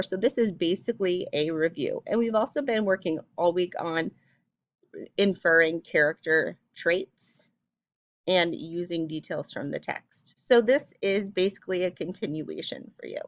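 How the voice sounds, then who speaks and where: A woman teacher talks her students through a reading lesson in a clear, patient voice that sits a little low. She reads short passages aloud with expression. The recording is dry and a bit dull. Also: lively intonation, moderate pace, no room sound.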